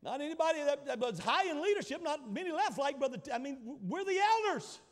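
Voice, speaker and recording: A pastor in his sixties delivers a fiery sermon, stacking repeated phrases until they break into shouts. His voice sits very high for a man and leaps up and down with lively swings. A long hall reverb trails after each line. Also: fast. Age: 60s. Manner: preaching with rising shouts and dramatic repetition.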